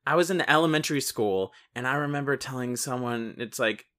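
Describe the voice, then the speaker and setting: A man's voice: mid-range voice, fairly quick, pushed and bright. A man co-hosting a podcast, casually joking and telling anecdotes with plenty of swearing. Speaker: podcast co-host.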